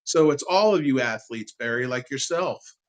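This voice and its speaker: A man in his fifties, a guest on a sports interview, telling a heartfelt childhood story in an animated, casual way. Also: mid-range voice, moderate pace, low-quality recording.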